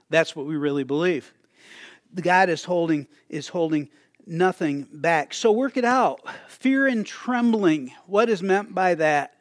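An older male pastor delivers a sermon in a relaxed, conversational manner, restarting phrases and chuckling as he goes. His voice sits a little high for a man. The sound is close and dry, with no room echo.

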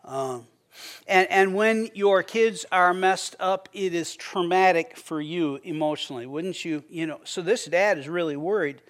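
Male pastor, high voice, relaxed sermon, stammering restarts, acts out prayers. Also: measured pace. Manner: conversational, repeats words when starting sentences; acts out quoted prayers with a raised voice.

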